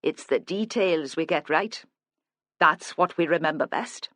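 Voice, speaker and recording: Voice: mid-range voice, a little slow, sharp tone, no echo. A blunt, no-nonsense middle-aged woman inspector, as an audiobook narrator puts her on, speaking directly and with weight on her words. The read is close and dry, with no room around the voice. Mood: coaxing.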